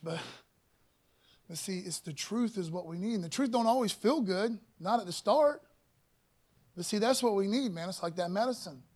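A man with a high voice preaches to his congregation in a loose, conversational way. He drops in "man" and "you know" often and rises in pitch and volume when he quotes scripture. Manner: reads scripture louder and higher. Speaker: pastor. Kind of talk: sermon.

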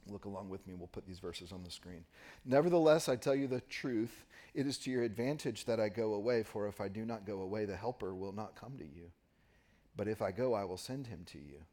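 A man's voice: on the low side, lively intonation, dark tone. Man preaching a sermon with emphasis. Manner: explanatory, pauses for emphasis, reads scripture aloud. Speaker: pastor. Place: church.

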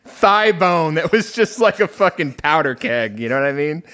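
Lively-voiced rambling man. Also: fairly high pitch, moderate pace. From Houston, Texas. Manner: rambling, profane, laughs often. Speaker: podcast co-host. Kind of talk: casual chat.

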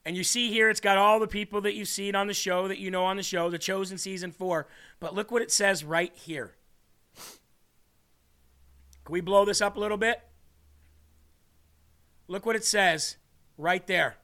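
A man's voice: sits high, steady tone, normal speed, pushed and bright. A man hosting a faith podcast, reading viewer comments aloud in an earnest, emotional way and tearing up. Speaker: podcast host.

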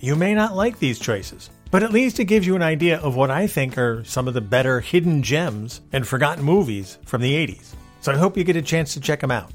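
A man hosting a casual solo podcast, talking in a wry, exasperated way. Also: fairly high pitch. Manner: wry, exasperated complaining about movie cliches. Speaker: podcast host.

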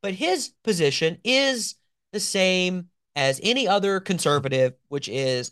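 A man hosts a political commentary show, talking with sarcastic, animated emphasis and mocking asides. His pitch swings widely as he argues. The sound is dry and close. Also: measured pace, clean tone, no echo.

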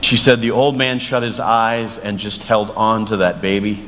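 A man, a pastor, preaching a sermon in a slow, earnest storytelling manner and leading a prayer. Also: fairly low pitch, level tone, fairly bright tone. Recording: long church reverb, faint noise.

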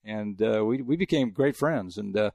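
A man's voice: on the low side, lively intonation, moderate pace, vocal fry, darkish tone, no echo. An older man from El Paso, a veteran sportswriter, telling rambling stories in a chatty way with frequent restarts. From El Paso, Texas. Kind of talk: casual storytelling interview.

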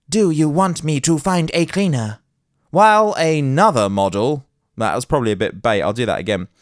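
A man's voice: on the high side, a bit bright, no echo, clean studio sound. A man hosting a podcast, reading tech news aloud and breaking into playful, theatrical jokes. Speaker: podcast host. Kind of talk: news reading with comic asides.

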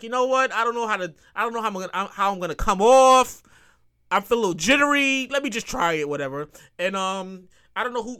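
A man hosting his own podcast at night, talking in a loud, projected radio voice and rambling with restarts. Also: sits high, smooth. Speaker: podcast host. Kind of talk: casual solo podcast talk.

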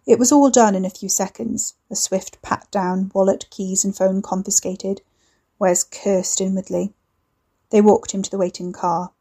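A woman reading a story aloud in measured, wry scripted narration. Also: mid-range voice, fairly even intonation, warm tone, breathy edge.

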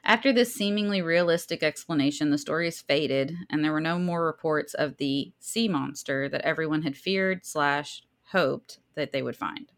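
This podcast co-host speaks with a Southern accent in a low voice, at a moderate pace with few pauses. She reads out research in a casual, chatty way, laughing readily and tripping on difficult words.

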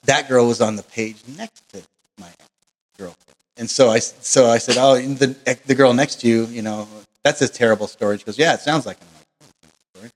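A man's voice: mid-range voice, normal speed. Profane, rambling podcast storyteller man. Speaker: podcast co-host. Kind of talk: casual chat. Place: Oregon. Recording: long reverb.

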